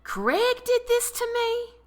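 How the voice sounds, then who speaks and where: A woman's voice: very high voice, sing-song, slow, pitched above the performer's own voice, exaggerated voice. Woman doing a baffled indignant young man. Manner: startled, yelling in disbelief.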